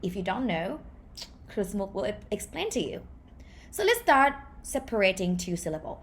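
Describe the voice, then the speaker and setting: A young adult woman with a Thai accent, teaching a language lesson in a lively way and repeating example words slowly. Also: medium pitch.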